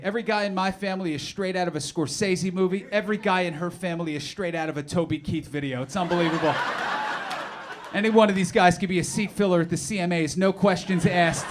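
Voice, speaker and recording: A middle-aged man with a fairly high voice performs stand-up on a club stage. He talks in a sarcastic, animated way full of mock-outraged asides. The live recording carries clear audience noise behind him. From New Jersey. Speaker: stand-up comedian. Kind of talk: stand-up comedy set.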